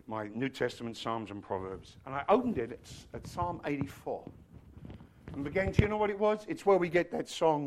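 A man preaching a sermon, swinging from loud shouted passages to quiet, chatty, humorous asides. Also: medium pitch. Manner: tells stories with humor.

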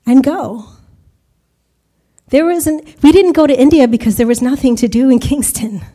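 American lady telling a church crowd about her mission trip, chatty, giggly, voice sits a bit high. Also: normal speed, dark tone. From United States. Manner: chatty and laughs often. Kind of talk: testimony talk to a congregation.

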